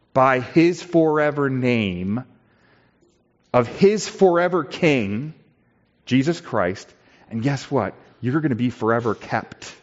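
A man preaching a sermon in a church, slow and emphatic, building on repeated phrases. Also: mid-range voice, lo-fi sound. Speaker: pastor.

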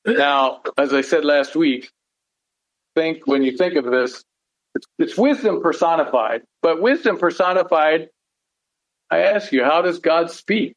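A man's voice: fairly high pitch, animated, measured pace, low-quality recording. A man preaching a conversational sermon, earnest, often asking rhetorical questions and checking in with "right?". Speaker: pastor teaching a Bible study.

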